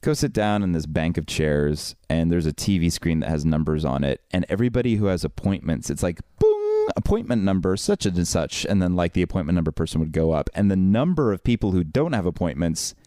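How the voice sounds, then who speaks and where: A low-pitched man tells a story on a podcast, and his voice swings widely as he goes from grumbling to yelling. He sounds exasperated and talks in a loose, rambling way, full of "like" and restarts. The recording is close and dry, with almost no room sound. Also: a little fast, few pauses, no echo. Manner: animated, exasperated storytelling with lots of fillers. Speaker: podcast co-host. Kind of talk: casual storytelling chat.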